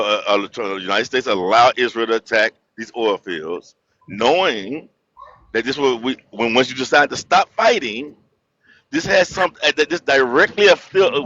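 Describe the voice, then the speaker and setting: A man's voice: medium pitch, fairly bright tone, dull audio. A male caller reasoning aloud in a puzzled way and stumbling over his words. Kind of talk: casual live-stream chat.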